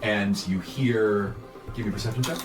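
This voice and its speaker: A man narrating as game master of a tabletop game, animated, laughing often and dropping to a hush for suspense. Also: on the low side, normal speed, roomy sound. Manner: animated, laughing, drops to hushed tones for suspense. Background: background music.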